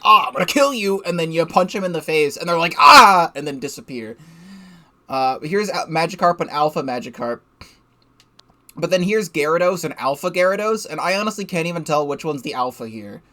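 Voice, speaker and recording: A man's voice: on the high side, a bit bright. A young man giving casual, rambling game commentary from his desk, swearing freely and laughing at himself. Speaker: let's play gamer.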